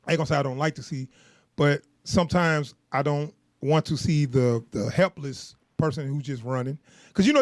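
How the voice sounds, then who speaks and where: A man's voice: on the high side, a little mellow, no echo. Laughing, rambling podcast guy, dry sound. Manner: laughs often, loose rambling slang. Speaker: podcast co-host. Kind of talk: casual chat.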